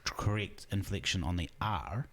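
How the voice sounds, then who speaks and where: A man's voice: low-pitched, unhurried, a little hiss or hum. A New Zealand man chatting on a podcast, rambling and repeating words as he goes. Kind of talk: casual chat.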